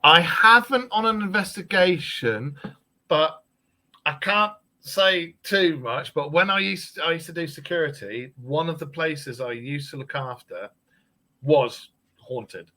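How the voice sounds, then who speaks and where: A man's voice: a little high, expressive, a little slow, pushed and bright, rough recording. A middle-aged man from England chatting as a guest, telling jokey anecdotes and slipping into voices. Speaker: guest, paranormal investigator and podcaster. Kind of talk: casual chat.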